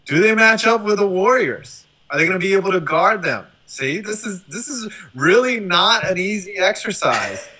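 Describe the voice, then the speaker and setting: A man hosting a casual sports chat, talking in an animated, profane way and often tossing in "right?". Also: high voice, normal speed, hardly any pauses, slightly rough, poor audio. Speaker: show host.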